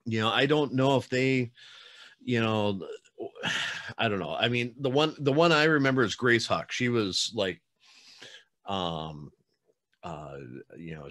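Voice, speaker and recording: A man's voice: lowish voice, a bit bright. Blunt heated male podcast host. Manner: blunt, heated, many fillers. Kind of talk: casual interview chat.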